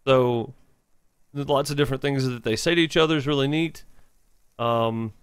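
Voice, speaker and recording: A man's voice: medium pitch, normal speed, clean tone, no echo. Male gaming host, casual let's-play commentary, rambling, fillers, close dry mic. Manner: rambling, thinking aloud with frequent fillers.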